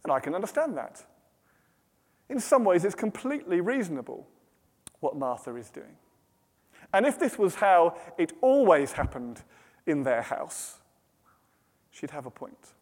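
Man, British accent, preacher, sermon, higher pitch, long hall reverb. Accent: British English. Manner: lively storytelling, dropping to hushed dramatic pauses.

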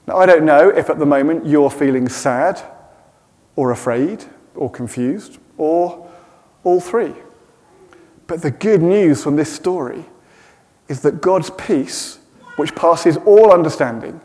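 A middle-aged man giving a sermon, with gentle self-deprecating humour. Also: a little high, expressive, takes it slowly, long pauses, in a large hall. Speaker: preacher. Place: church.

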